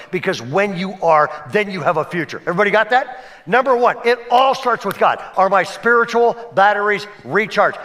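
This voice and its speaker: Pastor, man, animated storyteller, high bright voice. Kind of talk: sermon. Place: church sanctuary.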